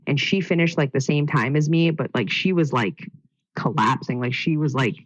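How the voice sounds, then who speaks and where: A woman's voice: deep voice, normal speed, no room sound. Woman telling a rambling story, dull dry sound. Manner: rambling, many fillers. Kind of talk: casual storytelling.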